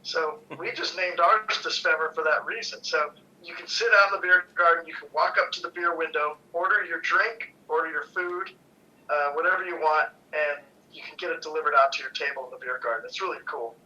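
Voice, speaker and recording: Easygoing male guest, very bright tone, somewhat high voice, rambling; lo-fi sound. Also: fairly quick. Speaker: guest, brewery co-owner. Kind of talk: casual chat. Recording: dull lo-fi sound.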